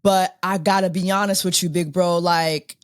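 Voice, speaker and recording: A woman's voice: lowish voice, steady tone, normal speed, smooth, no room sound, studio quality. A woman in her thirties hosting a podcast, speaking with exasperated disbelief, repeating herself and laughing often. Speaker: podcast host. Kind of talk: casual commentary.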